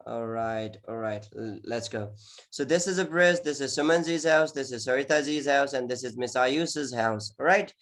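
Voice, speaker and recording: A male teacher runs an online English exam lesson over a video call. He talks in an encouraging way, repeats words and fills gaps with "okay". His voice sits at an everyday middle pitch. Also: moderate pace, a bit bright. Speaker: IELTS teacher.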